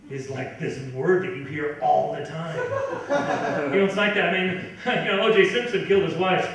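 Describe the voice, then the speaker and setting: High, bright-voiced ranting stand-up man. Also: lively intonation, normal speed. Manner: ranting, incredulous, builds to shouting. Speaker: stand-up comedian. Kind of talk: stand-up comedy set. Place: comedy club stage. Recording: echoey club from far off.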